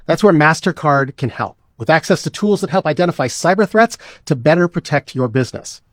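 A man reading a scripted business ad in an upbeat, lively way. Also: on the high side, a little fast, no room sound, clean studio sound. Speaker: ad narrator. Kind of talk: scripted ad read.

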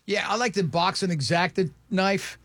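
Animated high-voiced man telling radio stories. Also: unhurried, no echo. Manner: animated, rambling, self-mocking. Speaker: radio show host. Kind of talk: casual morning radio storytelling.

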